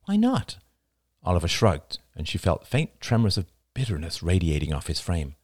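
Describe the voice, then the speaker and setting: A man narrating a novel as an audiobook, in an expressive storytelling manner. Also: low voice, normal speed, husky, dry recording.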